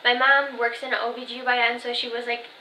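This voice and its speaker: A woman's voice: on the high side, little pitch movement, a little fast, bright, forceful tone, a little hiss or hum. A twenty-year-old woman vlogging in casual chat, telling a story with lots of "like" and "um" and quoting her family's texts. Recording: echoey room.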